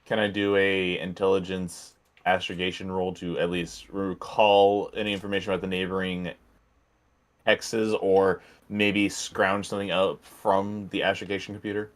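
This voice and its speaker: Low-voiced guy at the game table, dry and plain about things. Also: little pitch movement, moderate pace. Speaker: player. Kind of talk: casual tabletop chat.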